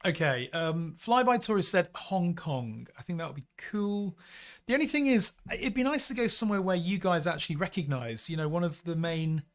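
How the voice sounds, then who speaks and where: Chatty man, slightly high voice. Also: animated, moderate pace. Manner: chatty and upbeat, reacting to viewers and scenery. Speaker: live-stream host. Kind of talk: casual live-stream commentary while playing a flight sim.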